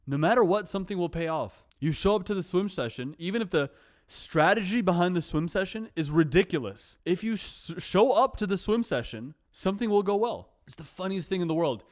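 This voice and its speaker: A man's voice: high-pitched, animated, fairly quick. A man vlogging in a casual, reflective monologue. He is self-deprecating and repeats himself.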